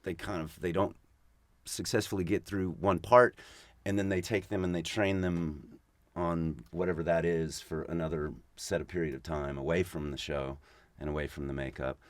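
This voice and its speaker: A man's voice: deep voice, fairly even intonation, normal speed, no echo. A middle-aged man telling stories in casual podcast chat, rambling and restarting as he talks. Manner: rambling, with many restarts and fillers. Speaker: podcast guest.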